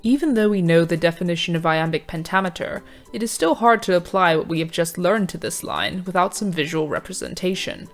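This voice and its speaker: Calm woman narrating a revision lesson. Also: lowish voice, faint music behind. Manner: measured, clear teaching delivery. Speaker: revision tutor. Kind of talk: scripted educational narration.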